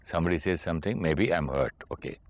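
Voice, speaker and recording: A man's voice: low voice, fast. A man, a talk show host asking probing follow-up questions. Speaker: interviewer host.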